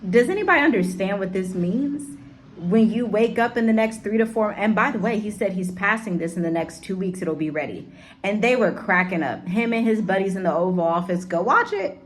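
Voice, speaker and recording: Woman vlogger, fired up and repeating herself, mid pitch, light hiss in the back. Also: brisk. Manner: animated, repetitive, talks straight to viewers. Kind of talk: casual commentary. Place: abroad, home setting.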